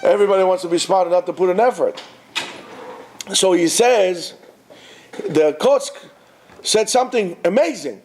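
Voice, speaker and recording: A man's voice: high-pitched, normal speed, pauses often, darkish tone, a little hiss or hum. A man, a rabbi giving an informal, exhortative Torah talk to students, mixing in Hebrew terms. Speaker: rabbi teaching at a yeshiva.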